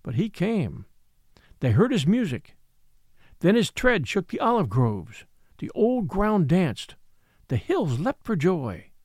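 Brief: dramatic male storyteller reading an old tale, lively and expressive. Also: high voice, slow, long pauses, no echo, clean studio sound. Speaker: narrator. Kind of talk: scripted audiobook narration.

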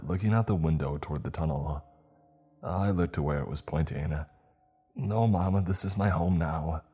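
A man narrates a first-person horror tale in a measured, somber way. His voice sits extremely low and has a husky grain. Soft music plays faintly under the reading.

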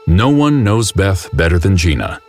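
A man hosting and narrating a true-crime documentary in a grave, measured storytelling manner. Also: deep voice, big pitch swings, darkish tone. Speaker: host and narrator. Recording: music bed underneath.

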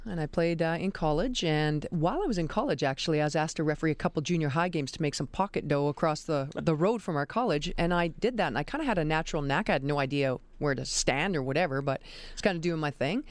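A woman in her forties, a basketball referee and teacher, telling lively stories as a guest in a studio radio interview. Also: sits low, fast talker, no echo. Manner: lively, animated storytelling with laughter. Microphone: studio microphone.

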